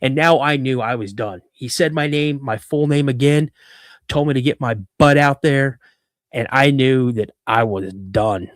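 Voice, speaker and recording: A man in his fifties from Washington State, telling a personal story as a podcast guest, animated, acting out the voices in it and often repeating himself. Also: mid-range voice, unhurried, no echo, clean studio sound. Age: 50s. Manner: repeats words and restarts mid-sentence. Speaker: guest, cryptid researcher.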